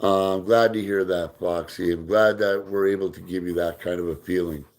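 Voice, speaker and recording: Guy with a lowish voice doing a live stream, answers comments and coos at his dog in between tossing a ball. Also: steady tone, normal speed. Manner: reads out and answers viewer comments, often drops into soft baby talk for his dog. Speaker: livestream host. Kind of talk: casual live chat with viewers.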